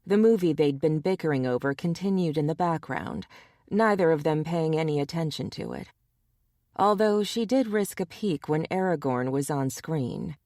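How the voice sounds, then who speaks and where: A woman narrating a romance audiobook in a measured storytelling way. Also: deep voice, animated, warm tone, no room sound, studio quality.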